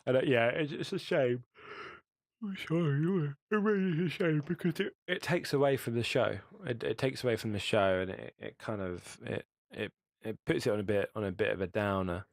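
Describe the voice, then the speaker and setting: A man co-hosting a podcast in casual chat, halting and restarting often. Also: mid-range voice, vocal fry, no room sound, studio quality. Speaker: podcast co-host.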